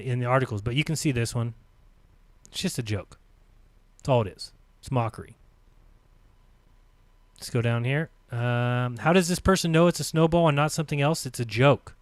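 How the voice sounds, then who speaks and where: A man hosts a live stream in a dry, close-miked sound, reading online comments aloud. He cuts in with sarcastic, mocking asides and sinks to a low mutter on his short remarks. His voice sits at an ordinary middle pitch. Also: no echo. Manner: sarcastic, mocking asides between read-out quotes.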